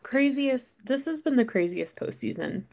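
A woman co-hosting a podcast in casual chat, animated and saying "like" a lot. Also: high-pitched, normal speed, gravelly. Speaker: podcast co-host.

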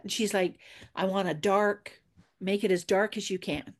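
With a medium-pitched voice and a slightly slow pace, the author guest chats casually about her books. Her storytelling includes acting out the quoted dialogue.

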